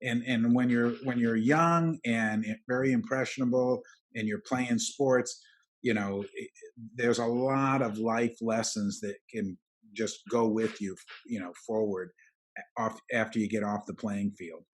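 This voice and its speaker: A middle-aged man, a roofing company president, telling his story in an interview, halting with many restarts and fillers. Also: mid-range voice, steady tone.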